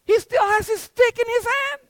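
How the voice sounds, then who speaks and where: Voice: very high voice, moderate pace, dry recording, pitched above the performer's own voice. A preacher voicing a clever young son who talks back to his father with pointed, matter-of-fact retorts in a sermon story. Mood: sly.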